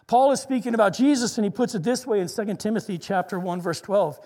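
A man with a high voice delivers a sermon in an earnest, plainspoken way. He slows his words down to lean on the lines he wants to land. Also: darkish tone, in a large hall. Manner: earnest, slows down to stress scripture. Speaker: preacher.

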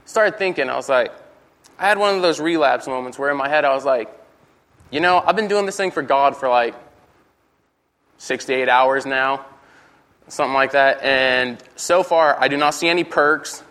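A man's voice: mid-range voice, moderate pace, pauses often, fairly bright tone. A man in his twenties giving a rambling, candid personal testimony, constantly repeating "I was like" and poking fun at himself. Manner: candid and self-mocking.

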